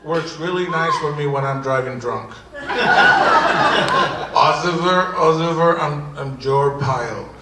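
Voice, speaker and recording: An improv performer on a theater stage plays a defensive, brash immigrant comic with a Spanish accent for an audience. His fairly high, natural voice is unhurried, and his lively, mocking bit rambles and stammers. The recording is noisy, from a distant mic in a roomy hall.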